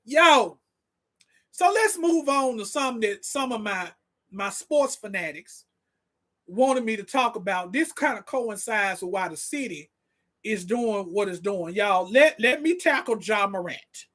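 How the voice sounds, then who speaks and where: Excitable man hosting a show. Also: high-pitched, a little slow. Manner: excitable, laughing, stumbles and repeats words, keeps addressing the audience. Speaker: host. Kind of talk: casual livestream commentary.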